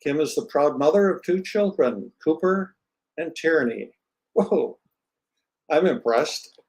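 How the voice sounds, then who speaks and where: A man with a somewhat higher voice hosts an interview. He reads out a guest introduction, then shifts into easygoing, joking chat. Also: lively intonation, takes it slowly, a little mellow, poor audio. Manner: friendly, jokey, self-deprecating. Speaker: interviewer host.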